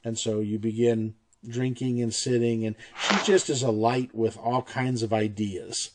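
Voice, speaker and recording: A man narrating as game master of a tabletop game in a loose, halting way. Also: mid-range voice, steady tone, background noise.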